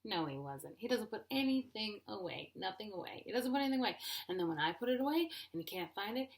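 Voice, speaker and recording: A middle-aged woman performing stand-up comedy, animated and playful. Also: fast talker, hardly any pauses. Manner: high-energy, animated, playful.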